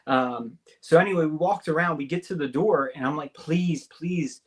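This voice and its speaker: A male radio guest animatedly tells about his own abduction experience at a fairly quick clip, excited and repetitive, with "like" and "right?" everywhere. When quoting people he acts out their voices, pitching higher for them, picked up by a call-in or studio mic.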